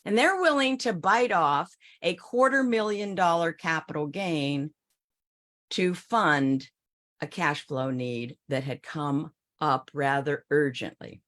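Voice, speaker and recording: A woman's voice: sits low, takes it slowly, a bit bright. A middle-aged woman, a former financial advisor, speaking emphatically to an audience and addressing listeners directly with rhetorical questions.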